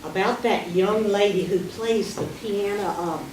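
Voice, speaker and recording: A woman playing a smooth-talking male con-man music professor in a stage musical, with flattering, wheedling salesman patter. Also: mid-range voice, a little slow, background noise, natural voice. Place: theater stage. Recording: echoey stage sound from far off.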